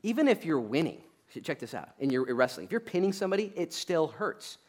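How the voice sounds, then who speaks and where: A male pastor with a somewhat high voice, preaching in a loose, conversational way. He jokes with his listeners and breaks into loud acted-out asides. He keeps pressing his points with a repeated "okay?". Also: a little fast. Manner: animated and joking, with sudden loud acted-out asides. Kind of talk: conversational sermon.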